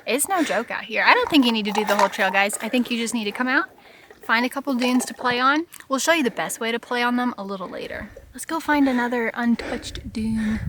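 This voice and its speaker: A woman's voice: fairly high pitch, expressive, fast talker, noisy background. Chatty upbeat woman vlogging outdoors. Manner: chatty, upbeat, explains facts to viewers. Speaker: travel vlogger host. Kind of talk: casual travel vlog narration. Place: outdoors among desert sand dunes.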